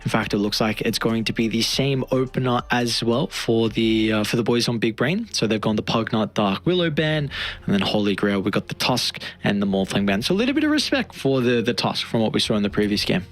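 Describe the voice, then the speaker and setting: A man's voice: on the low side, lively intonation, brisk. A man casting an esports match in a conversational, explanatory way. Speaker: esports caster. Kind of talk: esports play-by-play commentary.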